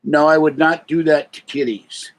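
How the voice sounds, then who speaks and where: A man's voice: a little high, flat delivery, normal speed, poor audio. An older man chatting casually on a live stream from home, rambling between answers and cooing at his cats.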